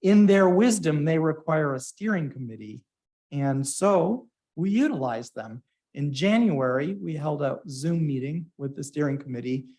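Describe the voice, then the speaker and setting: A man's voice: on the high side, animated, a little slow, warm tone. A man hosting a hybrid science conference, telling a casual story to the audience with fillers and playful quoted voices. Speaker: meeting organizer and moderator. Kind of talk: conference talk to a live audience. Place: hybrid conference meeting room.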